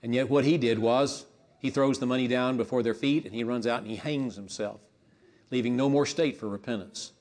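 A man preaching a sermon with impassioned delivery, rising to emphatic peaks and dropping low, leading a spoken prayer. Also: fairly even intonation, brisk, darkish tone. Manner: leads a spoken prayer to God.

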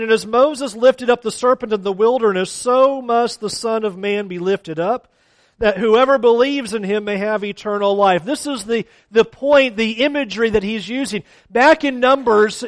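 A man's voice: high voice, no echo. A man preaching a sermon as a pastor, acting out quotes of complaining people along the way.

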